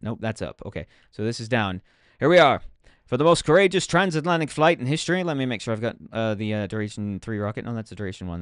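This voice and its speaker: Smooth-voiced man chatting through a game stream. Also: lowish voice, dry recording, studio quality. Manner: chatty, self-mocking, talks to himself while playing. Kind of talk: casual gameplay commentary.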